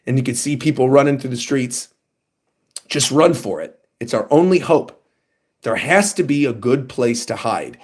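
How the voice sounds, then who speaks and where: A man streaming a casual manga reaction, reading panels aloud and commenting in an excitable, animated way. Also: medium pitch, moderate pace, husky. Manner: excitable, animated, reads lines in funny voices.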